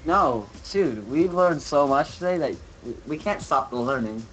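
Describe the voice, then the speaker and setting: A man's voice: on the high side, animated, normal speed, fairly bright tone, rough recording. A young man hosting a game stream in casual chat, rambling and profane, full of fillers. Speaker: streamer host.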